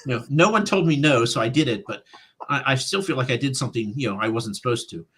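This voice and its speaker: Male author guest, conversational, animated, self-quoting storyteller. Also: mid-range voice, fast, breathy edge. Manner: animated, quotes his own thoughts in voices, laughs often. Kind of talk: casual interview chat.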